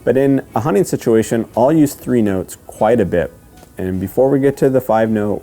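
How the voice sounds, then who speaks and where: A man's voice: fairly low pitch, dark tone, soft background music. Man patiently teaching a how-to lesson. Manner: patient, repeats steps, checks in with "okay?"; counts out rhythms slowly and sings the cadence. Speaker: duck calling instructor. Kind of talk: step-by-step instruction.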